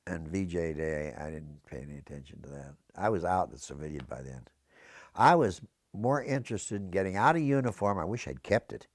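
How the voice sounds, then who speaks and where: Recorded dry with clean studio sound, a low-voiced older American man reflects on his time in the service during an oral history interview. His storytelling rambles, frequently veering into bits of history.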